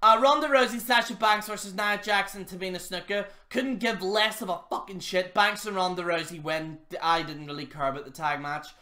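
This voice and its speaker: A man's voice: sits high, fairly even intonation, a little fast, hardly any pauses, bright, forceful tone. A man hosting his channel, giving a rambling, profane and mocking review of a wrestling show. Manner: swears freely, rambling and mocking. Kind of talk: casual profane review rant.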